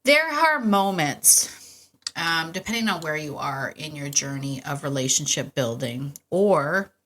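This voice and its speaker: A middle-aged woman with a low-pitched voice talks casually on her podcast. Her tone is bright and forceful, and she gets enthusiastic and chatty, with frequent asides. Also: lively intonation, a little slow. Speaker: podcast host and dog trainer. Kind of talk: casual solo podcast talk.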